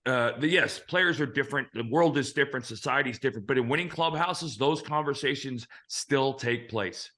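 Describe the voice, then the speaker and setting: Male host, 50s, ex-pitcher; bright, forceful tone; blunt, profane anecdotal storyteller. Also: normal speed, hardly any pauses. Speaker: host, former big-league pitcher. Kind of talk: casual storytelling chat.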